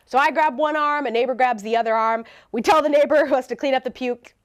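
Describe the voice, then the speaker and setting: A woman telling a storytime vlog, animated and laughing as she talks. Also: sits high, quick pace. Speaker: vlogger.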